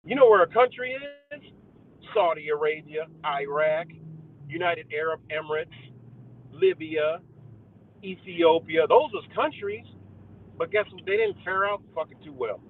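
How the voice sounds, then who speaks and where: A man's voice: a little high, measured pace. A young man hosting a live stream, ranting heatedly and profanely to his viewers about conspiracies, calling them guys. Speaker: livestream host. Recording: tinny phone-like audio with faint car noise.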